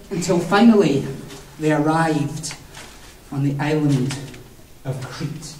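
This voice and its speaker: A man's voice: a little high, darkish tone, recorded from a distance, slight background noise. A man telling a myth to a live audience in a playful, theatrical way, often chuckling. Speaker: storyteller. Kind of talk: live storytelling for a family audience. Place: cave. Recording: echoey cave, voice from afar.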